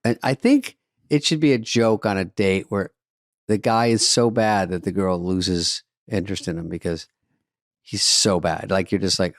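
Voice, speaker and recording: A man's voice: deep voice, moderate pace, dry recording. Man, podcast host, wry, self-deprecating, rambling storyteller, dry close sound. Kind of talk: casual comedic storytelling.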